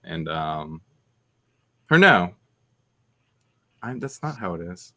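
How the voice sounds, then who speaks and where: A man in a casual podcast chat about movies, relaxed, laughing at himself and correcting himself as he goes. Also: deep voice, slow.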